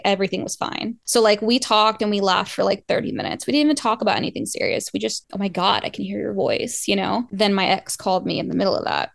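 A woman's voice: medium pitch, vocal fry, no room sound, clean studio sound. A woman telling a long personal breakup story on a podcast in a casual, rambling way, with casual swearing. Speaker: podcast guest.

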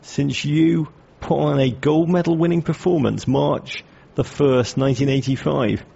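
A man's voice: on the high side, steady tone, unhurried, creaky, mellow, husky. A middle-aged man co-hosting a podcast, teasing his partner and reading aloud in a mock-grand way. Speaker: podcast co-host. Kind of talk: casual chat, reading aloud. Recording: dull lo-fi podcast audio.

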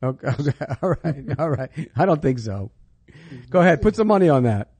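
A man's voice: medium pitch, big pitch swings, a little fast, darkish tone, husky, no room sound. A man hosting a sports betting chat, emphatic and teasing, repeating words for stress.

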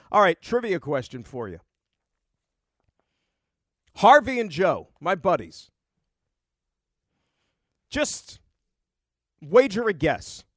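A man's voice: sits high, fairly bright tone, no echo, clean studio sound. A man hosting a sports talk radio show, arguing his points emphatically and repeating numbers for effect.

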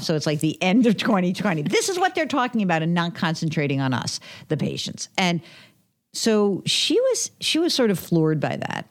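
A woman's voice: lowish voice, sing-song, normal speed. A woman guest on a talk podcast, telling stories about personal finance, chatty and acting out quoted dialogue. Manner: chatty, acts out quoted dialogue, many fillers. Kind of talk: conversational podcast storytelling.

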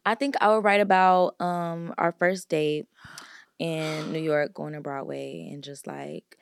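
A woman's voice: sits low, steady tone, unhurried, creaky, clean tone, no echo, clean studio sound. A woman from Atlanta, a guest rapper chatting playfully on a podcast. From Atlanta, United States. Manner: playful, lots of "like" fillers. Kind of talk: casual podcast chat.

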